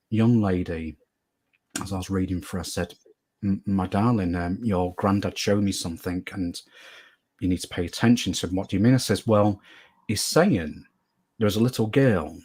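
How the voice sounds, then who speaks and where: A man with a very low, husky voice sits as a guest in an interview. He tells a long personal story in an earnest, rambling way, circling back and repeating phrases to drive them home. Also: normal speed, darkish tone. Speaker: guest medium.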